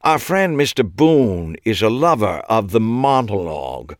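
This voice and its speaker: A man voicing a flamboyant British man with a nasal accent who talks far too loudly and theatrically. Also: big pitch swings, measured pace, no echo, clean studio sound. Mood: gleeful. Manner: booming, theatrical, gossipy.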